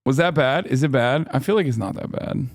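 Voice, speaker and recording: A man's voice: mid-range voice, brisk, no echo, studio quality. A man streaming and reacting to videos in casual commentary, sarcastic, swearing often and laughing a lot.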